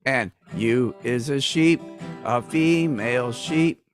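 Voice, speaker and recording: A man's voice: medium pitch, takes it slowly, soft background music. A man singing a comic folk song and retelling it as a rambling, punning story on a livestream. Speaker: folk singer-songwriter.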